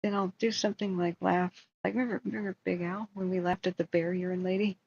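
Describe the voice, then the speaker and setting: A woman's voice: on the low side, level tone, fast talker, creaky, a little mellow, breathy edge, dull audio. A woman hosting a livestream in casual chat, rambling and talking to her viewers. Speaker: livestream host.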